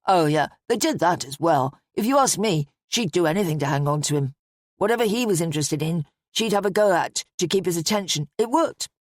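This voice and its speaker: A woman's voice: fairly low pitch, lively intonation, a little fast, no room sound, studio quality. Woman doing an offhand young guy. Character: young adult man, awkward and incurious.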